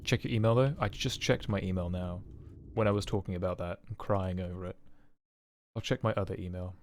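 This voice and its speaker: A man's voice: deep voice, steady tone, a little fast. A man in his twenties streaming a game, chatting casually and joking with his chat in a self-mocking way. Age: 20s. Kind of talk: casual live-stream chat while playing.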